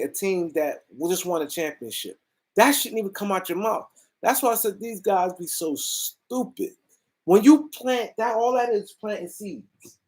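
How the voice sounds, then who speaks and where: A man's voice: high voice, a little mellow. A man hosting a casual sports talk show, ranting emphatically and repeating himself as he rambles through his points. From US East Coast. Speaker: host. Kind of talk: casual sports commentary rant.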